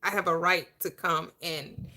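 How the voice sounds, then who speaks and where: A woman's voice: on the low side, steady tone, a little slow, pushed and bright. A woman hosting a casual chat, supportive and agreeing with her guest. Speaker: host.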